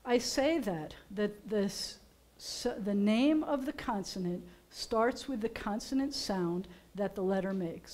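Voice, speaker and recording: A woman's voice: a little high, a little mellow. A woman rabbi, chatting playfully as she teaches Hebrew letters at a service. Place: synagogue sanctuary.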